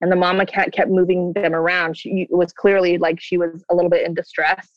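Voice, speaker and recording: A woman's voice: on the low side, level tone, fairly quick, no echo. A woman guest talking casually and rambling a little, with plenty of fillers, in an interview. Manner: chatty, rambling, with many fillers. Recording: dull, dry remote recording.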